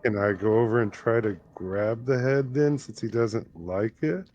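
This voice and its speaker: A man playing a tabletop game, answering with deadpan wisecracks. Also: mid-range voice, normal speed, dull audio. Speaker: player.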